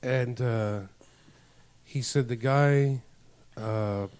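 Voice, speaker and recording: A man of ordinary pitch tells loose, winding stories in casual podcast chat. He slips in and out of the voices of the people he quotes and keeps the talk easygoing. His delivery is rambling and full of asides. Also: fairly even intonation, drawn-out words, darkish tone, clear, resonant tone. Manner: rambling anecdotes, acts out quoted dialogue. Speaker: podcast host.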